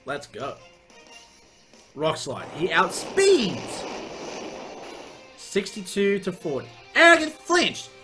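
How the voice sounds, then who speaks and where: A young man giving gameplay commentary as a let's play host, excitable and profane, often yelling at the game. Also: high-pitched, slow, pauses often, soft background music.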